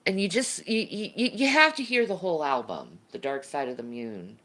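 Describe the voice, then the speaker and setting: A woman's voice: deep voice, animated, moderate pace, a bit bright. A woman livestreamer chatting casually and answering viewer questions, rambling and laughing, often restarting her sentences.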